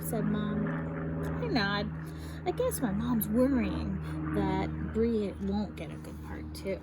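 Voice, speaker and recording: A woman, a teacher, reading a picture book aloud to children in an animated way, stopping to explain the fancy words. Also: medium pitch, a little slow, heavy background noise.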